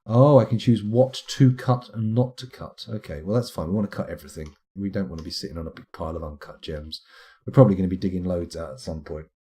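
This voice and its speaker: A man's voice: low voice, quick pace, warm tone, slightly rough. A middle-aged British man streaming a game live, chatting in a rambling, self-deprecating way as he plays and reads out comments.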